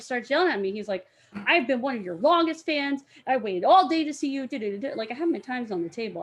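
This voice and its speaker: A woman's voice: fairly high pitch, slightly rough. A young woman, a cosplayer guest on a podcast, telling a story in casual chat and acting out the voices of the people in it. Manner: animated, acts out voices in stories.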